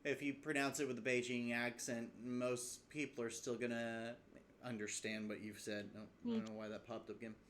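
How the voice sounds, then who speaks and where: A man's voice: mid-range voice, flat delivery, moderate pace, a bit bright, slight background noise. A man teaching from his own language study in a casual video lesson, thinking aloud with fillers and restarts. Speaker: language learner explaining lessons.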